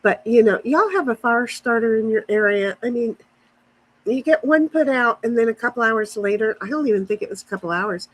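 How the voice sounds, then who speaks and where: A woman's voice: a little high, brisk, low-quality recording. A woman chatting casually outdoors to viewers on a livestream, rambling as she answers comments from her chat on a phone. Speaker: livestream host. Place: outdoors in a backyard.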